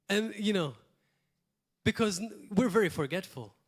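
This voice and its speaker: In his sermon, a Maltese pastor talks plainly, as if in conversation, with a voice sitting slightly high for a man. He returns to key phrases repeatedly and interrupts himself for short asides.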